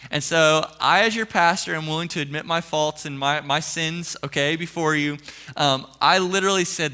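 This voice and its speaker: A man preaching as a pastor, telling a personal story with animated, acted-out dialogue before turning to scripture. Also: on the high side, moderate pace, clear, resonant tone.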